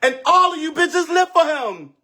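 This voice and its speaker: This man's voice is extremely high-pitched and animated, moving at a moderate pace. Streaming live, he spins a dramatic tale casually and with plenty of swearing, flipping between shouting and murmured asides.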